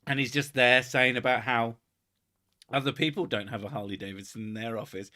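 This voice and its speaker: Man, young adult, crude sarcastic banter, heavy swearing, casual comedy chat, middle pitch. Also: fairly even intonation, brisk, bright, forceful tone. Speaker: podcast host.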